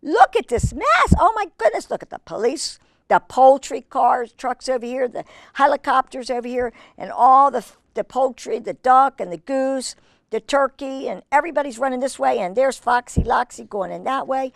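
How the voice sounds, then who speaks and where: A woman's voice: sits high, moderate pace, vocal fry, no echo, studio quality. A woman reading a picture book aloud to children, exclaiming and chatting about the pictures. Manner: animated, exclaiming, chatty asides to kids. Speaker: children's storytime reader.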